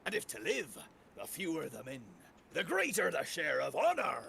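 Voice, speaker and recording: A swaggering pirate, as a man puts him on, rolls out grand Shakespearean verse in a loud, raised voice, stretching the words for effect. The voice sits higher than a plain talking voice. Clear background noise runs under the noisy home mic. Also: wildly swooping pitch, full character voice. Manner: booming, theatrical, drawn-out. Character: hammy male pirate declaiming Shakespeare.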